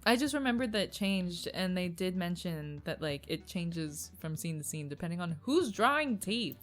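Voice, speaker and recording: A woman's voice: fairly low pitch, expressive, normal speed. A woman co-hosting a podcast, chatting casually about a cartoon episode and laughing often. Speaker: podcast co-host. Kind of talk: casual recap chat.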